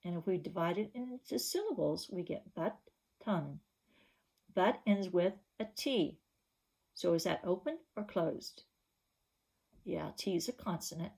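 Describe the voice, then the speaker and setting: A woman's voice: fairly low pitch, animated, unhurried, creaky, pauses often, a little mellow, breathy edge. A woman teacher giving a reading lesson to young children, patiently asking questions to prompt the class.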